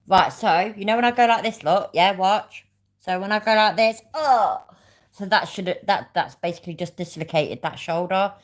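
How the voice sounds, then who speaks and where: A woman's voice: mid-range voice, normal speed. A middle-aged British woman with a British accent, rambling and swearing her way through casual livestream chat. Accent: British English. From Britain. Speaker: streamer.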